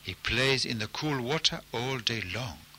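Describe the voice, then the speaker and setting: A man telling a folk tale with slow, measured care. His voice is very bright and ringing, and he lets each phrase land before moving on. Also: mid-range voice, lively intonation, slight background noise, low-quality recording. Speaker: narrator. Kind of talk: storytelling narration.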